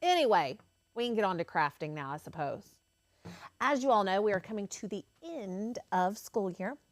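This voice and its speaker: A woman's voice: medium pitch, normal speed, dry recording. A woman co-hosting a craft video, chatting casually and acting out voices as she tells a story. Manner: animated storyteller, acts out quotes. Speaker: craft channel co-host. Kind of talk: casual chat.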